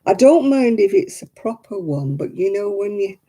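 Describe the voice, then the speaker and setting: A woman from Oldham with a softened northern English accent, chatting casually on her crafting video and laughing often. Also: medium pitch, sing-song, moderate pace. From Oldham, England. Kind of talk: casual chat.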